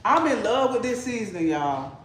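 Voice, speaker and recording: Very high-voiced man, playful and hyped. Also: sing-song, moderate pace, fairly bright tone, a little hiss or hum. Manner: playful, hyped, teasing chat. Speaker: livestream cooking host. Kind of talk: casual livestream chat. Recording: echoey room.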